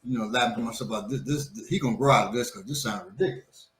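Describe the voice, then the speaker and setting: A man in his forties co-hosting a casual panel chat, an animated storyteller who mimics other voices. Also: medium pitch, racing, reverberant, a little hiss or hum. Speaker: podcast co-host.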